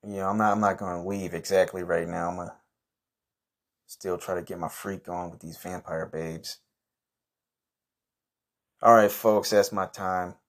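Deep-voiced brash, profane man. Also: fairly even intonation, measured pace, long pauses. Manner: brash, profane and slangy, arguing with an unheard partner. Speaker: comedy podcast host in character. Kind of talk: improvised comedic monologue.

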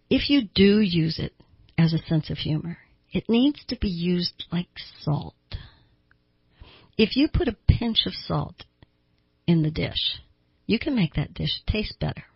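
A middle-aged woman therapist hosts her advice show, talking to listeners with an emphatic, conversational delivery. Her voice sits on the low side and is husky. The recording is dry and dull. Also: dry recording. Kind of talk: advice talk show monologue.

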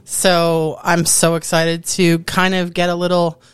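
A woman's voice: on the low side, flat delivery, unhurried, clean tone, dry recording, clean studio sound. A woman co-hosting a podcast in a bubbly, giggly, teasing way. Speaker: podcast co-host. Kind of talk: playful podcast banter.

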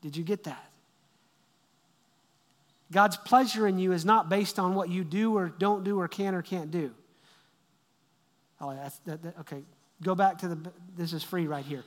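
A man with a high voice preaches a sermon, repeating his phrases as he builds and dropping from loud to hushed. His words ring out with the long reverb of a large church hall. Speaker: pastor.

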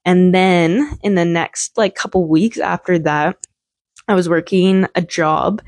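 A woman's voice: on the low side, steady tone, takes it slowly, darkish tone, no room sound. Candid young woman telling a personal story. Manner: candid, rambling, heavy swearing and filler "like". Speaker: podcast host.

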